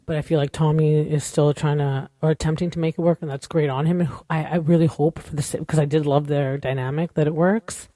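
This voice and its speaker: A podcast host with a low, warm voice gives a casual show recap, candid and opinionated, rambling with plenty of "like" and "you know." The studio sound is clean, with no room sound.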